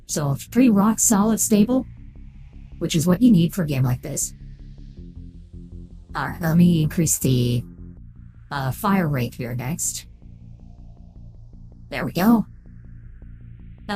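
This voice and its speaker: A woman's voice: fairly low pitch, dark tone. A woman streaming a game through a voice-changer filter, chatting casually, thanking followers and reading chat aloud. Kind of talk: casual live-stream chat while playing.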